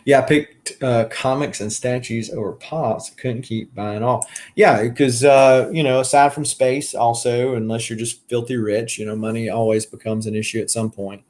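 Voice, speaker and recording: Southern us guy rambling on his live stream, lots of uhs and restarts, medium pitch, chatting back to viewers. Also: steady tone, moderate pace, few pauses, darkish tone. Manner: rambling, many fillers and restarts; reads out and answers viewer comments. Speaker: collector channel host. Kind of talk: casual live-stream chat.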